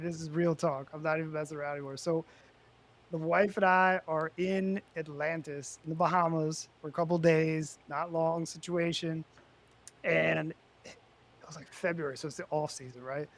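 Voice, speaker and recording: A man with a high voice spins casual podcast stories. He talks loosely, with plenty of slang, and jumps up in pitch and volume when he acts out a showdown. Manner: animated storyteller, loud and high when retelling confrontations. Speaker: podcast co-host. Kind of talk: casual podcast banter and storytelling.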